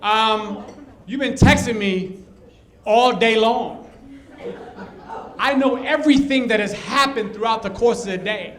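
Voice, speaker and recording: A man performing stand-up, ranting in an exasperated way with loud, emphatic punchlines. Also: high-pitched, a little slow, pauses often. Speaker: stand-up comedian. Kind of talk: stand-up comedy set. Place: comedy club stage with audience. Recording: roomy club echo.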